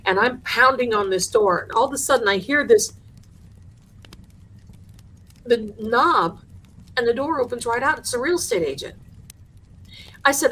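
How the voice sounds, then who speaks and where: A woman hosting a live show, telling a haunted house story with lively energy and acting out the people in it. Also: on the high side, moderate pace, slightly rough. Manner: animated, acts out the people in her story. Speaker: host.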